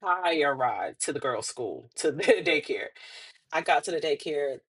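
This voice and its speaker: Lively low-voiced woman telling a story. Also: unhurried, breathy edge. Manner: animated, laughs often, acts out what others said. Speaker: podcast guest. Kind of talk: casual storytelling.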